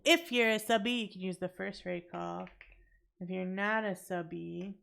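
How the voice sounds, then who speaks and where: Sleepy, raspy woman streamer. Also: medium pitch, moderate pace, a bit bright. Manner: chatty, talks to chat and herself, laughs often. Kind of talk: casual game stream chat.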